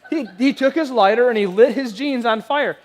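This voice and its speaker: A man delivers a church sermon in a high-pitched voice, moving from animated storytelling to quiet, earnest pleading. His words trail into the long reverb of a large church auditorium. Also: moderate pace. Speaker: pastor.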